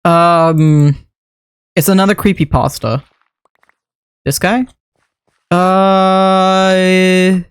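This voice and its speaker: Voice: medium pitch, fairly even intonation, takes it slowly, long pauses, clear, resonant tone, dry recording. A young adult streamer chatting casually while building in a game, rambling from one story to the next with frequent laughs and the odd swear word.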